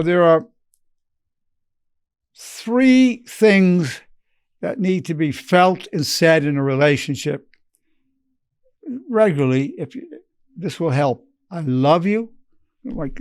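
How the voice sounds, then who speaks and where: A man in his eighties, a psychologist, giving an earnest, measured lesson and softly acting out loving phrases. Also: a little high, dry recording, clean studio sound. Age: 80s. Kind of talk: unscripted advice talk.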